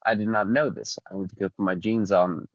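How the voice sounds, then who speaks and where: Profane, animated male podcast co-host. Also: lowish voice, fairly quick, dry recording, muffled recording. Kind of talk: casual chat.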